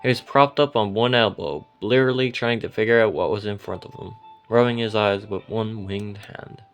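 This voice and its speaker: A man giving soft, gentle and unhurried second-person story narration. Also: on the low side, clear, resonant tone, faint music behind.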